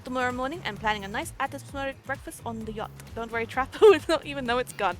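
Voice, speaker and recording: Woman reading sneaky huntress lady plotting, highish voice. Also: fast, soft background music, lightly acted. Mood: scheming. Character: scheming female huntress killer.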